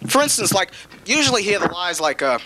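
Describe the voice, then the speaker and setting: A man's voice: high voice, very animated, fairly quick, a loud crowd. A male stand-up comedian delivering a routine with punchy timing. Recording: noisy old TV recording.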